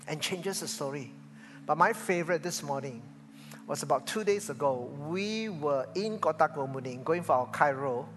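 An older man, a pastor, preaching a sermon and telling stories, swinging from loud to hushed. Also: fairly high pitch, big pitch swings, normal speed, slight background noise. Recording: reverberant church hall with faint music.

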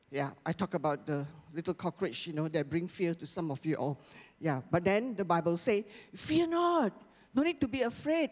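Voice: mid-range voice, darkish tone. Preacher checking in with "okay?". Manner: keeps checking in with "okay?" and "right?"; slows down and lifts the voice on scripture lines. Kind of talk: sermon. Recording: long reverb of a large hall.

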